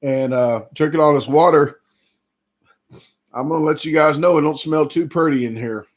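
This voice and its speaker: A man's voice: on the high side, moderate pace. A man, rambling through a casual live-stream chat after an eating challenge and greeting viewers by name. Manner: rambling, chatty, reads out viewer names; full and sluggish after a big eating challenge.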